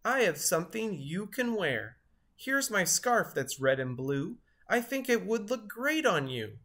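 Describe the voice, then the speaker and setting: A woman voicing eager young children in a storybook read-aloud, with bright, raised exclamations. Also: mid-range voice, sing-song, unhurried. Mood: kind.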